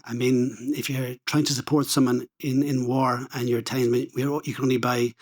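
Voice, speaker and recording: A man's voice: medium pitch, level tone, normal speed, a little mellow. A man with an Irish accent, speaking on a conference panel and answering bluntly and emphatically. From Ireland. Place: conference room.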